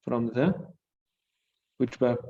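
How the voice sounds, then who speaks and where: A South African-accented Islamic studies teacher gives a classroom lesson on hadith and Arabic grammar, explaining patiently, repeating key points, and checking understanding with "right?". His mid-range voice is slow and warm, and the recording is muffled.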